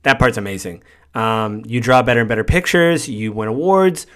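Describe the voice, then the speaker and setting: A man with an average-pitched voice talks through a video game's story as a podcast host. His delivery is loose and conversational, and it meanders from scene to scene. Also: moderate pace, a bit bright, clean tone. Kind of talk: casual retelling of a video game story.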